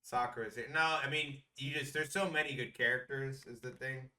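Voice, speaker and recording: A young man co-hosting a casual podcast, animated and slangy, repeating himself for emphasis. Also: mid-range voice, a little fast, distant mic. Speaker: podcast co-host.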